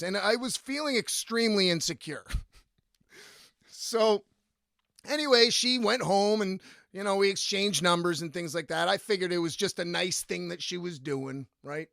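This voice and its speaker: A man hosting a podcast, telling a rambling story in a casual, profane and lively way. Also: high voice, normal speed, creaky, no room sound, studio quality. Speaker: podcast host.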